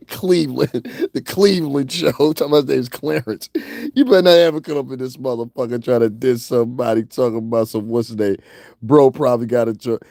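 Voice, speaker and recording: A man's voice: mid-range voice, brisk, creaky, dark tone, no room sound, clean studio sound. A man hosting a livestream, talking crudely and casually to his chat, roasting viewers and laughing often. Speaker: livestream host. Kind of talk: casual profane commentary to chat.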